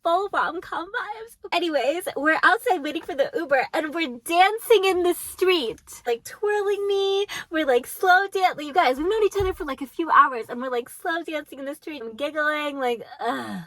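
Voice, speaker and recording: A woman's voice: extremely high pitch, expressive, normal speed, hardly any pauses, fairly bright tone, no room sound. A woman in her twenties telling a dating story to her viewers in casual storytime chat, giggly and full of "like". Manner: chatty, giggly, heavy on "like". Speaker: vlogger.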